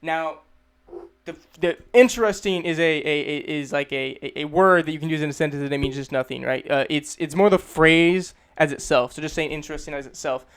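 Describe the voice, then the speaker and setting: A man's voice: on the high side, fairly quick, clean tone. Rambling young American man. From United States. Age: 20s. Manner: rambling and repetitive, acts out phrases in mock voices. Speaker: English teacher. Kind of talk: casual explanatory video lesson.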